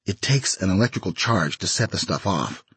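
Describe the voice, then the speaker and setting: Guy doing a cocky smartmouth explosives dealer, husky voice, bounces all over the place. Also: low voice, sing-song, moderate pace, a bit bright, no echo, exaggerated voice. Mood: matter-of-fact. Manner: crude, teasing, bossy. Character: brash middle-aged male explosives seller.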